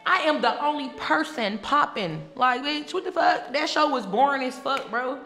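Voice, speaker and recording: A woman's voice: high-pitched, expressive, moderate pace, pushed and bright. A woman who is a reality TV personality, looking back on her show in a brash, profane, unscripted monologue and laughing often. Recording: echoey room with music underneath. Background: music.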